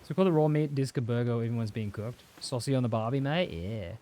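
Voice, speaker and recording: Brief: young Australian guy, livestream gamer, mid-pitched voice, loose rambling chat full of swearing. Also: fast, mellow. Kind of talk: casual chat while gaming.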